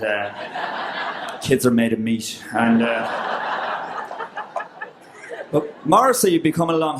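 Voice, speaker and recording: A man's voice: medium pitch, echoey room, noisy background. An Irish man doing a stand-up set with a guitar, talking in a loose, rambling way full of fillers. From Ireland. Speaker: stand-up comedian.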